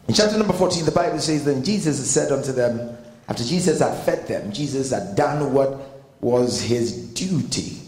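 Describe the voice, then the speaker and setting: A man's voice: mid-range voice, vocal fry, a little mellow. A Ghanaian man with a Ghanaian accent preaching a sermon as pastor, emphatic and building in force. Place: church hall. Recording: echoey hall with long reverb.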